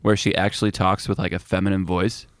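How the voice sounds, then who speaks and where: A man's voice: low-pitched, level tone, brisk, no room sound, clean studio sound. A man co-hosting a casual chat, speaking in a laid-back, mild way. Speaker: podcast co-host.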